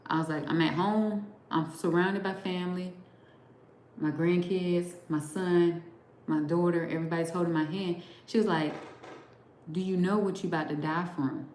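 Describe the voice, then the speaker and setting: A woman hosting a live show, casually retelling a personal experience in animated detail, with lots of fillers and quoted back-and-forth. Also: fairly low pitch. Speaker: show host. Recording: echoey room.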